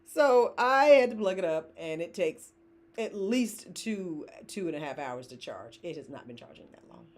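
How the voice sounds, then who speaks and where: Woman, middle-aged, animated pitch, chatty, laughs often, live-stream host. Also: normal speed. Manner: chatty, laughs often, reads viewer comments aloud. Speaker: company founder hosting live shopping stream. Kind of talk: casual live-stream chat.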